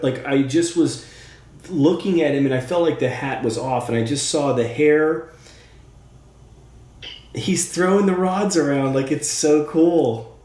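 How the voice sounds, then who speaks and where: A man's voice: a little high, darkish tone, reverberant. A man working as a psychic medium who speaks to a spirit during a session. He is eager and thinks aloud, with plenty of fillers.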